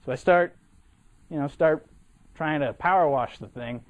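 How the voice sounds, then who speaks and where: A young man from Massachusetts, a cadet, giving an animated, humorous storytelling speech for a competition and acting out the people in his story. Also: on the high side, moderate pace, pauses often, highs cut off. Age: young adult.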